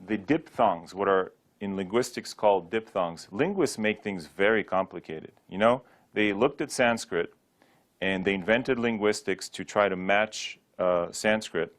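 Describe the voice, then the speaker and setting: A man teaching a Sanskrit pronunciation lesson, drilling each word slowly and repeating it for listeners to copy, with light joking asides. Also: fairly low pitch. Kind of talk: slow spoken pronunciation lesson.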